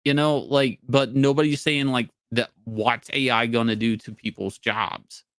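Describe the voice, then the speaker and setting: A man's voice: medium pitch, level tone, measured pace, fairly bright tone, no room sound, studio quality. A man from North Carolina with a mixed Southern accent, rambling and swearing in casual chat. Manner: profane, rambling, jokey.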